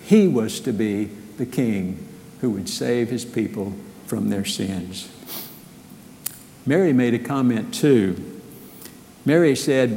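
A man preaching a sermon as pastor, measured and earnest, asking rhetorical questions of his congregation. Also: medium pitch, dark tone, in a large hall.

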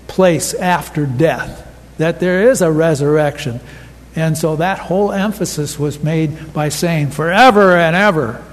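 A man preaching a sermon as pastor, unhurried, with many pauses and restarts. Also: a little high, big-room sound.

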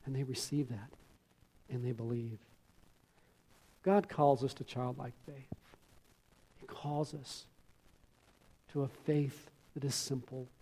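A man's voice: medium pitch, fairly even intonation, slow, long pauses, dark tone, breathy edge. A man preaching a sermon, telling a story earnestly and often repeating words.

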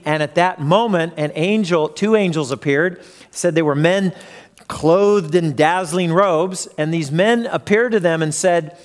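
A man with a fairly high voice preaches a sermon in a church. He tells the story plainly and now and then acts out what the people in it say. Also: unhurried. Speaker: pastor.

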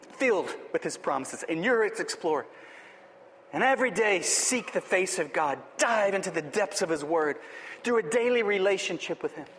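Male pastor, high voice, emphatic repetitive sermon delivery, long hall reverb. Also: a bit bright, slight background noise. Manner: emphatic, repetitive preaching with rising exhortations.

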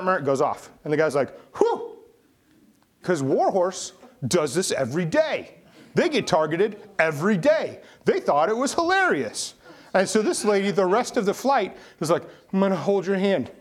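Animated man telling a sermon story. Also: sits high. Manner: animated storyteller, acts out quotes and sound effects. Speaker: pastor.

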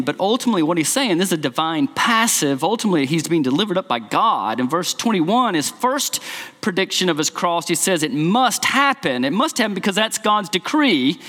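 A man preaching a sermon as pastor, earnest and emphatic, speeding up and slowing down to stress his points. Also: fairly bright tone, in a large hall. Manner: earnest, emphatic, varies pace and pitch widely.

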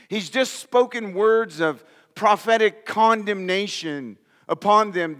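A pastor preaching in a slow, deliberate way, his voice sitting high for a man. He leans on key words with earnest emphasis. The long reverb of a church hall trails after each phrase. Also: pushed and bright. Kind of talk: sermon.

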